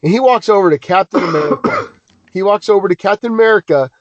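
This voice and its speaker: A man's voice: sits high, fast, dry recording, lo-fi sound. A man co-hosting a podcast, telling rambling, self-deprecating stories in casual chat. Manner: animated, self-deprecating, many restarts. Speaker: podcast co-host.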